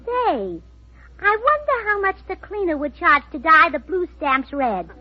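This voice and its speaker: A woman's voice: extremely high pitch, sing-song, unhurried, a faint crowd. A woman performing sweet, scatterbrained comedy in a 1940s radio show, delivering absurd lines matter-of-factly. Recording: dull old radio recording.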